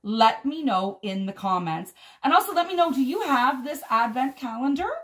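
A woman unboxing a doll advent calendar on a vlog, gushing and gasping with excitement as she talks straight to her viewers. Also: high-pitched, moderate pace. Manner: gushing, excitable, frequent gasps and exclamations. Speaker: doll collector vlogger.

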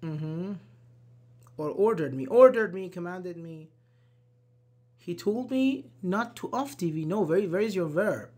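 An online English teacher giving a live grammar lesson, slowly repeating example sentences and answering chat. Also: medium pitch, animated, darkish tone. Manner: slow, repeats examples, apologizes and laughs at own slips.

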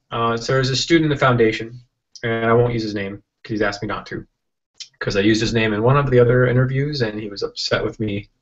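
A man tells a story in an interview, animated and rambling, often restarting and acting out quotes. His voice sits at a middling pitch. The sound is dull and lo-fi, like a video call. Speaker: interview guest, software entrepreneur.

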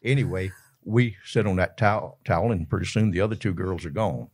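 A man's voice: low-pitched, fairly quick, darkish tone, slightly rough. An older man with a Southern Georgia accent, a folksy interview guest telling colorful stories and often laughing mid-sentence. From Georgia, USA. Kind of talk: animated storytelling.

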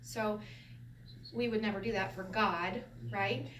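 This woman speaks at medium pitch and a little slowly as she teaches a casual Bible Hebrew lesson. Lively and quick to laugh, she explains things by asking rhetorical questions, captured from afar in an echoing room with faint noise.

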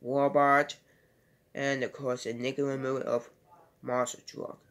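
A man's voice: medium pitch, flat delivery, a little slow, a bit bright. A man giving a casual home video movie review and retelling scenes in a rambling, loosely strung way.

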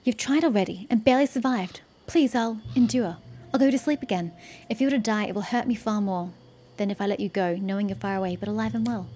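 A woman's voice: medium pitch, quick pace, mellow, natural voice. A woman voicing an anxious, tender young female dryad in a game, reading her lines aloud. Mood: pleading. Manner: read-aloud game dialogue.

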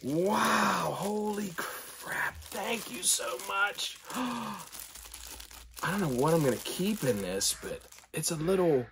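A middle-aged man talking casually through an unboxing, excitable and often dropping to delighted whispers and gasps. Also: sits high, takes it slowly, noisy background. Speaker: collector vlogger.

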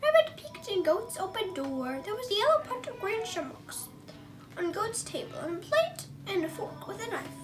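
A woman's voice: very high-pitched, big pitch swings, normal speed, loud music behind the voice. A woman reading a children's picture book aloud, with chatty asides to her cat between pages, and faint background noise. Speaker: storybook reader.

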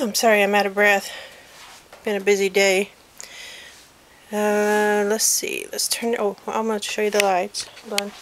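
A woman chatting casually as she films a handmade miniature at home on a handheld digital camera, with frequent apologetic asides. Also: mid-range voice. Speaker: crafter showing a handmade miniature. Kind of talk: casual show-and-tell vlog. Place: cluttered room at home.

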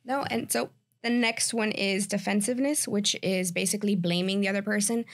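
Woman with a gravelly, creaky voice. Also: medium pitch, steady tone, brisk. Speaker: podcast co-host. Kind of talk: explaining relationship concepts in casual chat.

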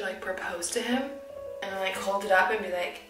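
A young woman talking excitedly to camera in a personal vlog, breathless and giddy, often dropping to a whisper. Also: medium pitch, fairly quick. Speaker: vlogger. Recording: roomy, distant from the mic, music behind.

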